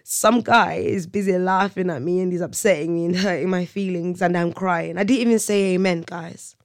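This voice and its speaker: A podcast host telling funny childhood stories in an animated way, often laughing and playing up the drama. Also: medium pitch, normal speed, no room sound, studio quality. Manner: animated, laughing, comic exaggeration. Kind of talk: solo storytelling chat. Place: hotel room.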